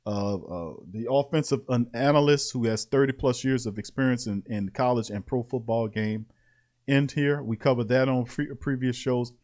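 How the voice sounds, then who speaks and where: A man hosting a casual sports talk show, reading out practice notes and reacting with animated, laughing commentary. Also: mid-range voice, moderate pace. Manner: animated, laughing, repeating lines for emphasis.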